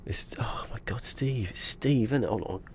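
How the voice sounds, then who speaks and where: A man whispers at normal speed in a medium-pitched voice while streaming a game from a small room at home. He has a cold and sniffles, rambling and joking to himself in casual chatter.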